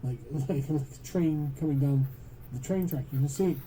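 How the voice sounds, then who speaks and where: A man's voice: fairly high pitch, moderate pace, mellow, slight background noise, low-quality recording. A British man giving podcast commentary in emphatic, profane, long run-on sentences. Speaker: political commentator.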